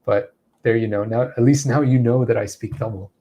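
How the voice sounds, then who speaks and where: Mellow-voiced man answering viewer questions. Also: medium pitch, a little fast, dull audio, a little hiss or hum. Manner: reads viewer questions aloud and repeats them before answering; relaxed, with frequent fillers and restarts. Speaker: English speech coach. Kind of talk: live Q&A.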